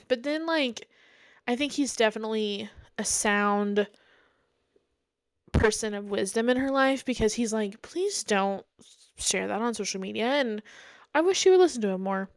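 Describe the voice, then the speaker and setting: A young woman talks on her own podcast in a loose, rambling way, full of "like" and "um". Her voice sits a touch high and comes through smooth and clean. The close microphone gives a dry sound with no room around it. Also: no echo. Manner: rambling, frequent "like" and "um", candid opinions. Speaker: podcast host. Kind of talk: casual solo chat about reality TV.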